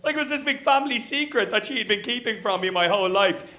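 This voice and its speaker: High-voiced Irish stand-up comic. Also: male voice, lively intonation, quick pace, bright, forceful tone. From Ireland. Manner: punchy, self-mocking, with tag lines. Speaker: stand-up comedian. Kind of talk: stand-up set. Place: comedy venue with live audience.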